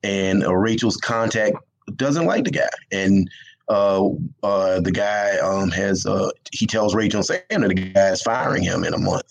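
Unhurried and low-pitched with vocal fry, this Southern US–accented writer rambles through a story as a guest in a relaxed interview. He laughs a lot and keeps restarting sentences, on a rough recording.

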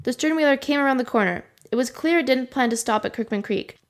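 Woman reader, lively storybook telling, slightly high voice, home kitchen. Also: fast talker. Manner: lively storytelling, voicing the characters. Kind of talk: storybook reading aloud.

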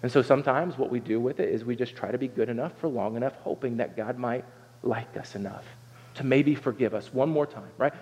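A man's voice: medium pitch, fairly quick, darkish tone. Preaching man from Southern Ohio in a reverberant hall. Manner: earnest, conversational preaching with frequent restarts and "right?" asides. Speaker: pastor. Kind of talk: sermon. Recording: dull sound with long hall reverb.

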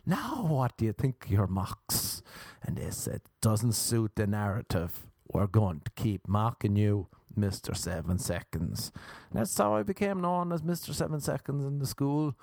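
A man telling a crude comic story as a podcast host, rambling and breaking into high shrieks. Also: big pitch swings, moderate pace, gravelly, a little mellow, dry recording, clean studio sound.

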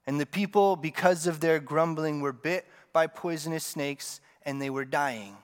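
A man preaching a sermon in a relaxed, conversational way, with joking asides to the congregation. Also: on the high side, measured pace, big-room sound.

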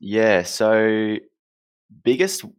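An Australian man in his twenties, a guest answering questions in a relaxed, laughing way over a call. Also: lowish voice, drawn-out words, clear, resonant tone. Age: 20s. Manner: laid-back, laughs often. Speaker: guest player. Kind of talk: casual interview chat.

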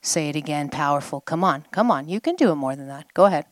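A woman's voice: deep voice, lively intonation, fast talker, no room sound. A woman healing coach guiding a participant through an exercise at a live event, coaxing and repeating phrases for the listener to say back. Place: live event before a group.

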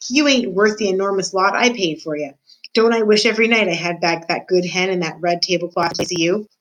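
A woman reading a storybook aloud, voicing a coarse, cruel peasant uncle who jeers loudly. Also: lowish voice, a little fast, close to an everyday voice, rough recording. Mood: jeering. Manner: loud, jeering, gruff.

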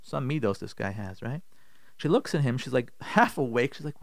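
A man giving a radio Torah talk as a rabbi, conversational and animated, acting out voices in his stories. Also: mid-range voice, moderate pace, creaky, no room sound, clean studio sound. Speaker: rabbi, radio show host.

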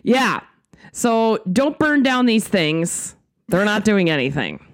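A woman's voice: medium pitch, very animated. A woman co-hosting a casual chat podcast, reading news stories aloud with jokes and frequent laughter. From Minnesota. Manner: jokey, laughs often, slow deliberate reading.

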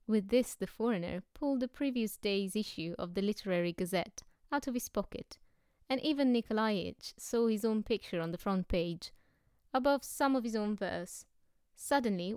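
A woman narrating an audiobook in a measured storytelling way. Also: mid-range voice, a little mellow, smooth, dry recording, studio quality. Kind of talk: scripted narration.

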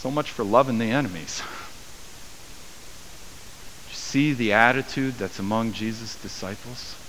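Bright-voiced male pastor preaching in a hall. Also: a little slow. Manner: acts out quoted voices with raised pitch and volume. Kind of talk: sermon. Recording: long hall reverb with faint hiss.

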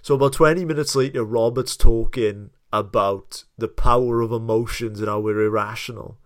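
A man from South Wales with a Welsh accent, co-hosting a podcast and telling anecdotes in a lively, casual way. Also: mid-range voice, normal speed, no room sound, clean studio sound. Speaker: podcast co-host. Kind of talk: casual chat.

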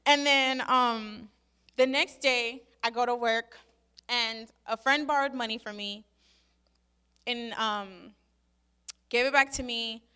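A young woman telling a personal faith story in a casual, animated way, acting out her own quotes. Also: on the high side, slow, long pauses, smooth. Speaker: speaker sharing a testimony.

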